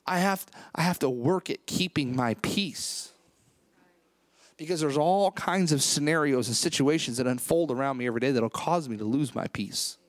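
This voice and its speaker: A man preaching a sermon full of personal stories, animated and rising in pitch as he tells them. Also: moderate pace, dry recording. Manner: animated storytelling, rising pitch when excited.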